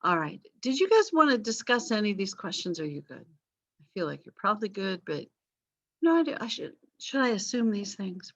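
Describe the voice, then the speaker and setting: A woman's voice: medium pitch, very animated, a little fast. A woman teaching a history class online, casual and apologetic, with many fillers. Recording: slightly dull lo-fi call audio.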